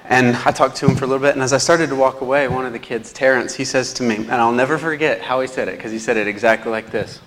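A man's voice: mid-range voice, fairly even intonation, fast talker, few pauses, a bit bright, a little hiss or hum. A young adult man giving a lay sermon, telling stories in a self-deprecating way. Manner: self-deprecating, storytelling, chuckles often. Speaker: lay preacher, teacher. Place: church hall. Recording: long hall reverb.

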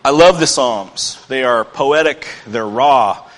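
A man's voice: mid-range voice, slow pace, in a large hall. A man preaching a sermon as pastor, earnest and building to emphatic bursts.

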